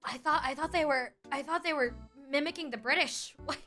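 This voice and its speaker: A woman's voice: high voice, brisk, sharp tone, soft background music. A woman streamer reacting to a video with exclamations, swearing and incredulous questions. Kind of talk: casual livestream reaction.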